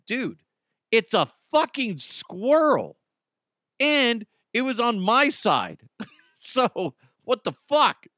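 Blunt, profane podcast host with bright voice. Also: male voice, fairly high pitch, no room sound, clean studio sound. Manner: profane, blunt, self-mocking, laughs often. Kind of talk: casual solo podcast rant.

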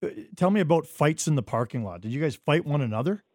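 Male podcast host, somewhat high voice, laughing reactions, dry close sound. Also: expressive, fast talker, darkish tone, no room sound. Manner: laughing reactions, prompting questions. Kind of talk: casual interview.

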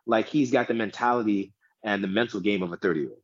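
A man from the United States chatting casually as a podcast guest, rambling with lots of restarts and animated asides. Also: fairly low pitch, quick pace, no echo. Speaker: guest DJ and tennis fan. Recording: dull lo-fi dry sound.

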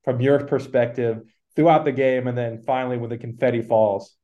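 A young man interviewing his mother, asking a halting, hesitant question. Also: mid-range voice, fairly even intonation. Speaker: interviewer, her son. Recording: dull lo-fi recording.

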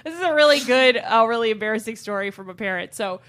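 A woman from Southern California co-hosting a podcast, telling stories in casual chat with a giggly, animated manner. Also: on the high side, quick pace. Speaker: podcast co-host.

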